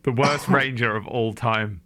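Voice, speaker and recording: A man's voice: mid-range voice, fairly even intonation, measured pace, bright, forceful tone. A man playing a tabletop game, joking and swearing in playful banter. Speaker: player.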